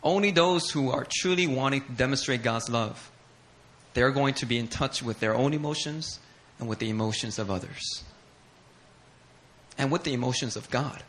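A man's voice: medium pitch, moderate pace, fairly bright tone. A male pastor preaching a sermon in an emphatic, passionate way, repeating key lines and building intensity.

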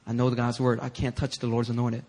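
A man acting out a humble young warrior who quietly refuses to strike his king and asks forgiveness. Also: mid-range voice, monotone, a little fast, close to an everyday voice. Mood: humble remorseful.

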